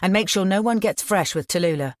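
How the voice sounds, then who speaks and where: A woman's voice: medium pitch, no echo, clean studio sound, close to an everyday voice. A woman voicing a nervous young man who speaks carefully while bluffing a gangster. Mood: insistent. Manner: careful, slow and deliberate.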